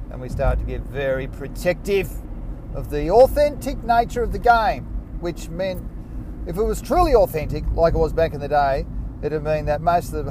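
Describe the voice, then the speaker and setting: An Australian man hosting a casual solo podcast, rambling and self-mocking, with sudden excited bursts. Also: a little high, noisy background. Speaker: podcast host.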